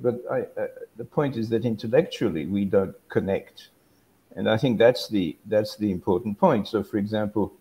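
Low, warm-toned male academic, reflective and thinking aloud in conversation. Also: low-quality recording. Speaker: academic discussing language teaching.

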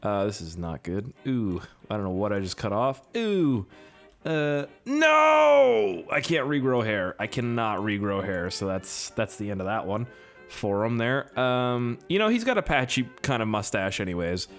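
Young male gamer, casual joking playthrough talk, animated delivery over soft game music. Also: lowish voice, moderate pace. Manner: profane, excitable, jokey. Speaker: gaming YouTuber. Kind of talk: casual gameplay commentary.

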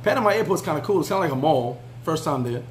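A man's voice: fairly high pitch, animated, quick pace, slight background noise, low-quality recording. Chatty man with a slightly raised voice. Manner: laid-back, chatty, frequent fillers and restarts. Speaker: travel vlogger. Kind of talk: casual storytelling.

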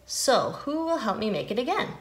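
A woman's voice: on the high side, sing-song, normal speed, roomy sound. A woman doing a bossy, crowing rooster. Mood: encouraging. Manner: emphatic, crowing. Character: bossy cheerful rooster leading a kitchen team.

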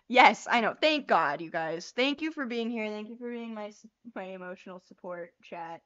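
A woman's voice: medium pitch, expressive, normal speed, a bit bright. A young woman hosting a casual livestream, flustered and laughing as she swears through tech trouble. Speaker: livestream host. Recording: lo-fi stream audio.

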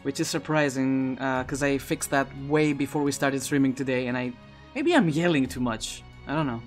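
A man's voice: medium pitch, moderate pace, faint music behind. A man streaming a video game live, chatting in a loose, rambling way and often restarting his sentences. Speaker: Twitch streamer. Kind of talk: live gameplay commentary. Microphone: his own streaming microphone.

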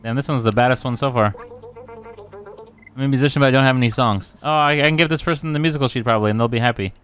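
A man's voice: medium pitch, very fast, a bit bright, faint music behind. A young man giving casual, joking and profane commentary while playing a video game, sometimes reading its dialogue aloud.

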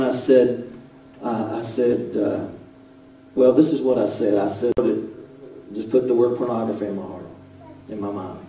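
A man preaching a sermon as pastor, swinging between loud exclamations and hushed storytelling. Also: medium pitch, a little hiss or hum. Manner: animated, rising to shouts then dropping to hushed storytelling. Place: church sanctuary. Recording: roomy church sound from a distance.

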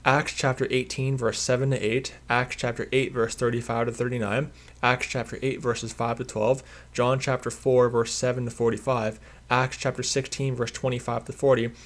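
A man delivering a preachy religious commentary monologue, emphatic and repetitive as he hammers home his points. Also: medium pitch.

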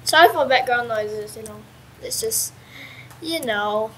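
A young woman talking through her own game in a high, bright voice. She speaks at an unhurried pace, rambling between sudden excited yelps and mild curses. It is casual let's-play chatter from home. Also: slight background noise, rough recording. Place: at home with a pet dog nearby.

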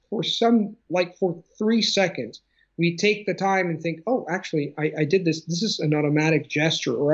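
A man with a slightly high voice explains his ideas in a thoughtful interview, often restarting mid-sentence and reaching for examples. He works as a language coach. His voice comes through a dull, lo-fi video call. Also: breathy edge. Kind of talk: conversational interview.

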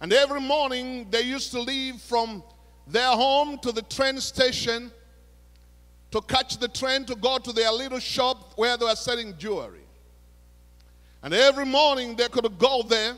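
Male pastor for a sermon. High voice, unhurried delivery. Tells stories quietly, then rises to exhort the room. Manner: storytelling preacher, shifts between hushed retelling and raised exhortation. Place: church sanctuary. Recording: long church hall reverb.

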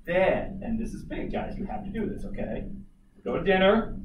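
A man's voice: high-pitched, moderate pace. A man from Colorado teaching a history class, telling stories and joking with his students. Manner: animated, jokey asides to students. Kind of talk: classroom lecture with storytelling. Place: classroom, recorded from afar. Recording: echoey room, distant mic, noisy.

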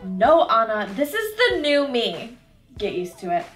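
A woman's voice: on the high side, sing-song, unhurried, a bit bright, soft background music. A woman playing a scheming evil fairy disguised as a young queen, bossy and snide. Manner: snide, bossy, sugary when covering up. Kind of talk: comedy sketch acting.

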